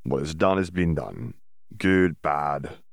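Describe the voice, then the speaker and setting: A man's voice: a bass voice, animated, slow pace, gravelly, no echo, clean studio sound, exaggerated voice. A man voicing a humble, earnest male house elf who speaks of himself in the third person with odd grammar.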